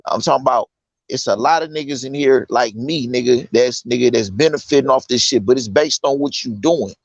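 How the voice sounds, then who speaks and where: A man's voice: medium pitch, a little fast, gravelly, no echo. A man from California speaking in a middle voice, earnest and insistent, heavy on street slang and "you know what I'm saying." The recording is dull and lo-fi, with a close, dry sound and almost no room around him. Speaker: incarcerated guest. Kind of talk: casual conversation.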